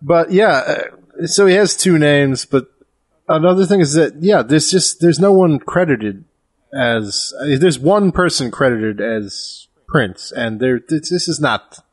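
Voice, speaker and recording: A man co-hosting a podcast, speaking in a measured, hesitant way with frequent ums and restarts and a dry sense of humor. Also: fairly high pitch, expressive, breathy edge. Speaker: podcast co-host reviewing a film. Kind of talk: casual comedic chat.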